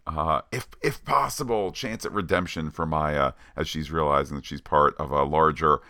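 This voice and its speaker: A man's voice: a bass voice, moderate pace, pushed and bright, no echo, studio quality. A man co-hosting a podcast, talking in a chatty, playful way with plenty of filler words. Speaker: podcast co-host. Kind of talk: casual chat.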